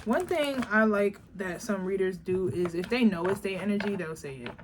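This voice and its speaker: A woman giving a casual tarot reading, talking bluntly and profanely, animated and laughing often. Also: medium pitch, normal speed. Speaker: tarot reader. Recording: background noise.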